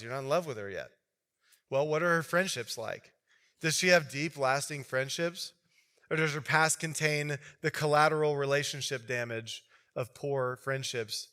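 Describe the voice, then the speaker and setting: A male pastor preaching a sermon in a conversational, animated storytelling way. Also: fairly high pitch.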